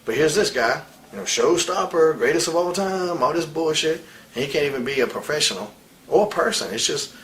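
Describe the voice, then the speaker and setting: A man's voice: on the high side, expressive, a little fast, fairly bright tone, slight background noise, poor audio. A man in his forties in a candid interview, telling stories bluntly, with a lot of swearing and real heat. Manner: blunt, profane, heated storytelling. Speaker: interviewee, wrestler.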